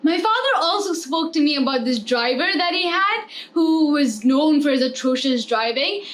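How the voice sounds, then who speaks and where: A woman's voice: high voice, expressive, normal speed, fairly bright tone. A teenage girl hosting a jokey, rambling comedy vlog. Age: teens. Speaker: vlogger.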